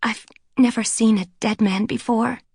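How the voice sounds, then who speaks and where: A woman's voice: on the high side, steady tone, unhurried, gravelly, darkish tone, slightly rough, no echo, clean studio sound, voice pushed up, exaggerated voice. A woman narrator voicing a frightened young blonde woman who pleads in a panicky, tearful way. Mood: queasy.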